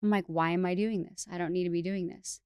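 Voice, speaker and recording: A woman's voice: on the low side, steady tone, fast talker, a little mellow, clear, resonant tone, no echo, studio quality. A woman guest on a podcast, telling her personal story candidly in a chatty way, with lots of "like" fillers and restarts. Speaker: podcast guest, hairstylist educator.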